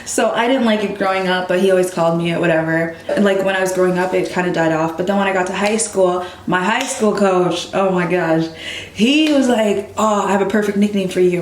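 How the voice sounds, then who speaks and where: Chatty young woman in an echoey room. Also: fairly low pitch. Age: young adult. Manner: animated, quotes others in lively voices. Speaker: vlogger. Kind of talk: casual storytelling to camera.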